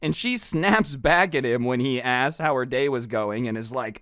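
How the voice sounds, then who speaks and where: Sarcastic storytime guy, smooth voice. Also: mid-range voice, moderate pace, hardly any pauses, fairly bright tone, no room sound, studio quality. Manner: sarcastic, conversational. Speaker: storytime narrator. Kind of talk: casual storytime narration.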